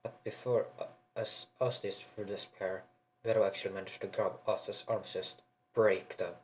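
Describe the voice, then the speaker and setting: A man narrating an improvised fan story in a rambling, halting way, often restarting his sentences. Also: lowish voice, level tone, a little mellow, a little hiss or hum, rough recording.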